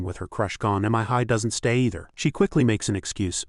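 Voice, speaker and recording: A man's voice: medium pitch, fast talker, hardly any pauses, no echo. Man narrating a recap in a dry voice. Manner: steady storytelling that speaks straight to the viewer. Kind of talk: scripted story recap narration.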